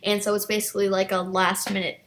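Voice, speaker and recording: A young woman telling a personal story to her channel in a casual, animated way, mocking herself and laughing often. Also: medium pitch, fast talker. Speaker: YouTuber.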